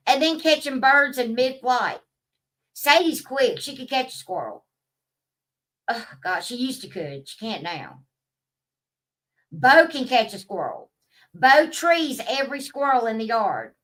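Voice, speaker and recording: A woman's voice: a little high, lively intonation, slow, pauses often, a bit bright, recorded from a distance, low-quality recording. A woman, talking in a blunt, profane, casual vlog rant and laughing at her own stories. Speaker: vlogger. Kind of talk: casual ranting monologue.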